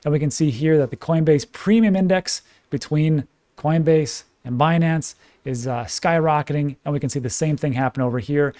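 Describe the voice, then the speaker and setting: Chatty man, higher pitched. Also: normal speed, a little mellow, no echo. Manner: chatty, enthusiastic, talks to viewers directly. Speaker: cryptocurrency commentator. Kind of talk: casual market commentary to camera.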